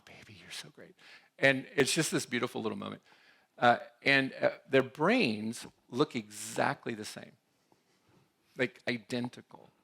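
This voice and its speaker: A man's voice: lowish voice, vocal fry, a bit bright. A man giving a conversational talk at a church conference, often checking in with the audience. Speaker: conference speaker.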